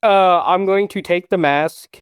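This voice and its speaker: A man playing a tabletop game, describing his plans eagerly and in a rambling way. His voice is slightly high for a man, with a smooth, clear tone that sounds dry and close. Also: measured pace, no room sound. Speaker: player. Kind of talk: casual tabletop play.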